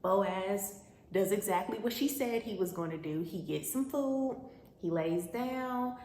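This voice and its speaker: Woman podcast host retelling a Bible story for laughs; slangy, animated; echoey room with a faint hum. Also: medium pitch, unhurried.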